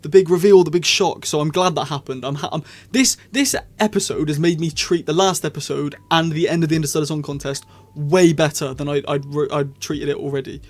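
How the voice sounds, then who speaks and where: A man giving a casual, rambling spoken review, opinionated and full of restarts and quick laughs. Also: fairly high pitch, fairly even intonation, a little mellow. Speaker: show reviewer.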